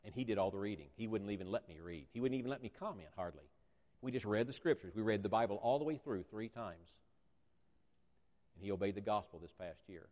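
A man preaching a sermon to a congregation, emphatic and repetitive, slowing down to stress key words. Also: lowish voice, expressive, darkish tone. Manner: emphatic, repeats phrases, stretches words for emphasis. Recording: echoey church hall.

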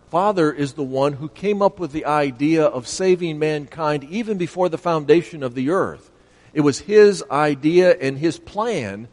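A man's voice: on the high side, a little mellow. Man preaching in a reverberant hall. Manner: reads scripture aloud and stops to explain it; stumbles on words and asks the audience for help. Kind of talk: sermon Bible teaching.

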